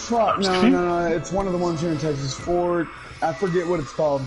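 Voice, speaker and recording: High-pitched dude streaming a game and telling a rowdy story, swears a lot, laughs loud, faint game music behind. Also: male voice, brisk, rough recording. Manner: loud, profane and animated, breaking into high laughs. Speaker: gaming streamer. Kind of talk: casual storytelling over gameplay.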